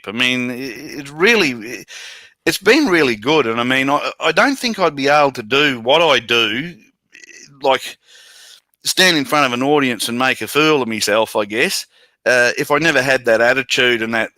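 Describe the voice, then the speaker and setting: Bright-voiced Australian man, self-deprecating. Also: medium pitch, lively intonation, dry recording. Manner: self-deprecating, halting with many restarts. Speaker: children's entertainer and bush poet. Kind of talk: casual interview over video call. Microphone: video call.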